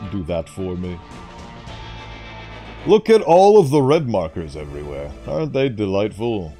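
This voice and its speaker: Slow, theatrical man narrating gameplay. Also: on the low side, mellow. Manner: theatrical, mock-grand asides. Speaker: gaming YouTuber. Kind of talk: casual gameplay commentary.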